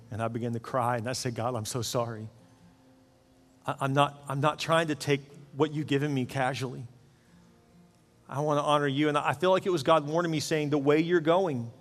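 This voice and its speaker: A middle-aged man preaching a sermon as pastor, telling a personal story in an earnest way and often repeating words as he goes. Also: mid-range voice. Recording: long hall reverb with faint music.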